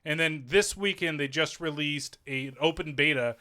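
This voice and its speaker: Bright-voiced casual podcast guy. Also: fairly high pitch, normal speed. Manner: rambling, jokey, laughs often. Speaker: podcast co-host. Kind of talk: casual chat.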